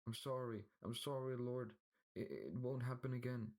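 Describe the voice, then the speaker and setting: A man's voice: fairly low pitch, slow pace, slightly rough, voice pushed up, heavily acted. A man voicing a terrified male servant who lisps and stutters, pleading in a panic, in a storybook reading. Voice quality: stuttering, lisping.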